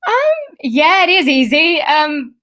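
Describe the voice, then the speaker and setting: A woman's voice: high-pitched, big pitch swings, takes it slowly, pushed and bright. A middle-aged woman, a voice-over artist and singer, chatting in an interview with many fillers and restarts. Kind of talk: casual interview chat.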